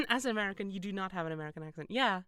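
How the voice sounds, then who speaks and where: Rapid-fire and animated, this young woman from Britain streams a game while rambling, laughing a lot, and making self-deprecating remarks. Her voice is mid-range and fairly bright, captured at studio quality with no echo.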